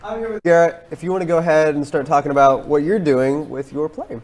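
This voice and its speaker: A teenage boy conducts a casual interview, talking fast and eagerly. His voice sits a bit higher than most, and he keeps filling his questions with "like". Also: darkish tone. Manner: quick, eager, lots of "like". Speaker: student interviewer.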